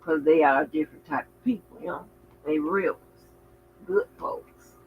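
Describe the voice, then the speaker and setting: Animated, lively high-voiced man ranting. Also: normal speed, creaky, lo-fi sound, slight background noise. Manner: animated, swearing, bursts of laughter and exclamations. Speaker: channel host. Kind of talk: casual livestream commentary.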